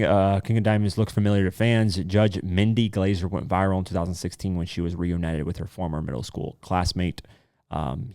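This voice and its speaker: A man's voice: deep voice, darkish tone, no room sound, clean studio sound. A man hosting a podcast, reading news items aloud and then riffing on them in a loose, casual commentary style with offhand asides and swearing. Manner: reads headlines then riffs with loose asides. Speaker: podcast host.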